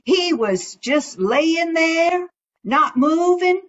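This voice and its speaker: Woman storyteller, slow folksy drawl, fairly high voice, muffled lo-fi sound. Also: lively intonation. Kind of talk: folktale storytelling. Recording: dull lo-fi recording.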